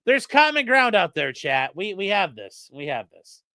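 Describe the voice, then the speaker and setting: A man doing live-stream commentary for his chat, profane, excitable and sarcastic. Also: high-pitched, moderate pace, no room sound, clean studio sound. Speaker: streamer reading court documents to chat.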